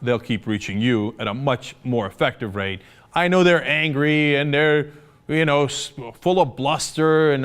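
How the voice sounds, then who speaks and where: A man's voice: medium pitch, moderate pace, a bit bright, clean tone. An American man giving an opinion commentary, indignant and sarcastic, with many filler words. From United States. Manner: indignant and sarcastic, mocks opponents in put-on voices. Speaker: political commentator.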